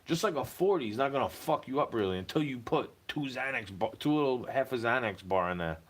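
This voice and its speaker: A man's voice: medium pitch, expressive, a little fast. Profane, heated young man ranting to camera. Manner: profane, heated ranting with mocking put-on voices.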